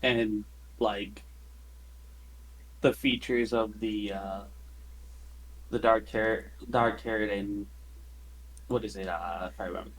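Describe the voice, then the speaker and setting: A man voices his turn in a tabletop game, stumbling over restarts and laughing now and then. His voice sits a bit low. The talk is loose and casual. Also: steady tone, slow, long pauses, fairly bright tone, slightly rough, rough recording. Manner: stammering, laughing player describing his character. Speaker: player. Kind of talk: casual tabletop role-play.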